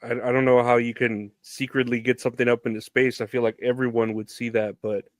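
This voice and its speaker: A man's voice: medium pitch, level tone, a little fast, no echo. A man in his thirties co-hosting a podcast, casually recapping in a laid-back, loose way. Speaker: podcast co-host.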